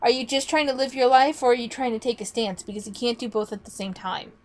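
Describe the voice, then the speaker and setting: A woman giving casual reaction commentary on a podcast, talking bluntly and argumentatively, swearing freely, her voice starting to go hoarse. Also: fairly high pitch, fast.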